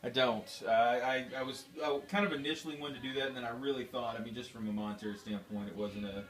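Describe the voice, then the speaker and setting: A man's voice: mid-range voice, fairly even intonation, quick pace, fairly bright tone. A man hosting a casual let's-play, rambling with hesitant fillers while he comments on the game. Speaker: gaming host. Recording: distant mic in a roomy space, faint noise.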